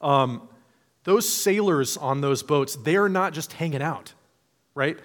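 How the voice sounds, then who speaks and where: A man's voice: on the high side, slow pace. A man preaching a sermon in a conversational, playful way, acting out imagined voices. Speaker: pastor.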